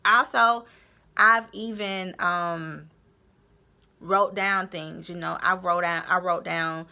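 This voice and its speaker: A woman's voice: lowish voice, steady tone, takes it slowly, vocal fry, pushed and bright. A young woman vlogger giving motivational tips to her viewers, encouraging and repeating her key points as she talks straight to them. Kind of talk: motivational tips talk to camera.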